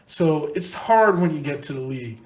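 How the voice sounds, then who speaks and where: A man's voice: fairly high pitch, lively intonation, normal speed. A man co-hosting a sports podcast, talking casually in long, earnest, rambling stretches full of restarts. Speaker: podcast co-host.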